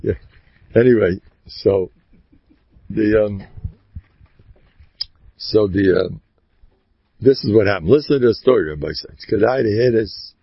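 A man's voice: a little slow, long pauses, husky, dry recording, muffled recording. A man giving a folksy religious storytelling talk, mixing in Yiddish and Hebrew words and acting out the people in his stories. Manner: animated, acts out voices with big pitch jumps.

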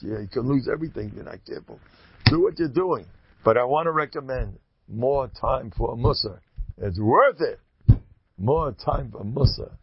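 An older man, a rabbi, giving a Torah lecture full of stories, acting out the people he quotes with sudden high, loud bursts. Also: creaky, slight background noise. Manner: animated storyteller, jumps high when acting out quoted voices. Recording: dull lo-fi recording.

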